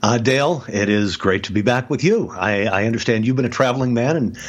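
Husky man telling an animated story. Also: a little fast. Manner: animated storyteller with frequent restarts and big pitch jumps. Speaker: podcast guest expert, speaker and author. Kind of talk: casual storytelling conversation.

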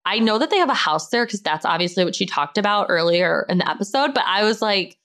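A woman's voice: mid-range voice, lively intonation, fast talker, hardly any pauses, fairly bright tone. A young woman hosting a pop culture podcast, chatting casually in a rambling way with lots of "like". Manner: rambling, chatty, heavy use of "like". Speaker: podcast host. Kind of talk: casual chat.

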